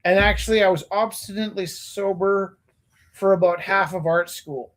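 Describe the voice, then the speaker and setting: A man's voice: high voice, fairly even intonation, normal speed. A man in his forties hosting a casual chat, telling earnest stories and acting out what people said. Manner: earnest storytelling, acts out quoted lines. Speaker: host.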